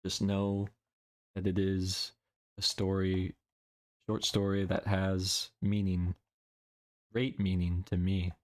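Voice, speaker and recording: A young man streaming as a VTuber speaks slowly in a low, completely flat voice, pausing often. In this casual stream he dramatically recites his own poetry before switching to playful chat punctuated by silly noises.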